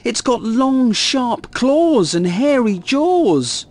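A man voicing a mischievous little boy in a children's storybook reading, yelling and whining in a raised voice. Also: animated, slow pace. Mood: shouting. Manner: shrill, yelling, whiny. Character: mischievous little boy who plays tricks at bedtime.

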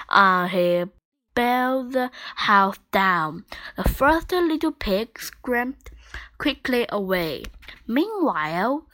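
Very slow, soft-spoken woman storyteller. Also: mid-range voice. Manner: slow, soft and partly whispered. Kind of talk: storybook read-aloud.

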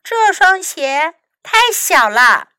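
A woman's voice: very high voice, very animated, takes it slowly, pushed and bright, no room sound, clean studio sound, pitched above the performer's own voice, exaggerated voice. A woman reading as a cheerful little boy. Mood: polite.

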